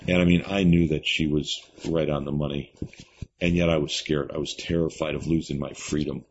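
A man's voice: extremely low pitch, fairly even intonation, fairly quick. An older man, an interview guest, sharing a personal faith testimony in an earnest storytelling way, often laughing and repeating words. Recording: slightly muffled recording with faint hiss.

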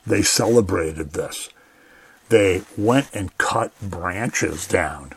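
A man's voice: sits low, drawn-out words, slightly rough. A man giving a radio Bible teaching in an earnest, conversational way, often saying "you know".

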